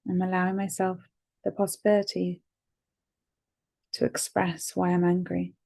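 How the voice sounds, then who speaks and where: A woman guiding a tapping session, speaking calmly and gently and repeating phrases for the listener to say back. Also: on the low side, normal speed, creaky. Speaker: EFT tapping guide.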